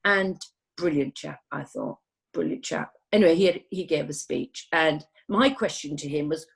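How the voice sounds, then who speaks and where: A woman's voice: deep voice, animated, unhurried, creaky, slightly rough. A woman nurse in casual conversation, telling anecdotes in a chatty, rambling way. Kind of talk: casual chat.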